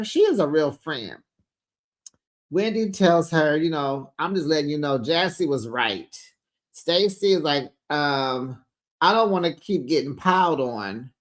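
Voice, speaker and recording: A chatty host gives a casual recap of a reality show, acting out the cast's lines as she goes. The voice sits at a middle pitch, and she keeps calling listeners besties and honey. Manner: chatty, retells scenes acting out quotes.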